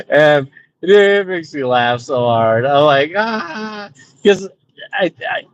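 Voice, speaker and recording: A man's voice: fairly high pitch, creaky, fairly bright tone, dull audio. A man chatting casually while driving on a road trip, rambling with profane, chuckling asides. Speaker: vlogger. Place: inside a car on a road trip.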